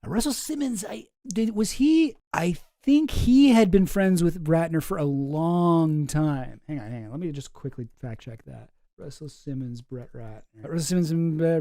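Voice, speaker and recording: A man hosting a commentary show, reacting to clips with sarcastic, deadpan asides. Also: on the high side, dry recording, studio quality. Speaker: host.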